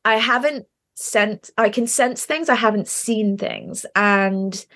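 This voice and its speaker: A woman's voice: medium pitch, takes it slowly, fairly bright tone. Enthusiastic woman podcast host. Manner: enthusiastic, responsive, repeats words. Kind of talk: casual podcast chat.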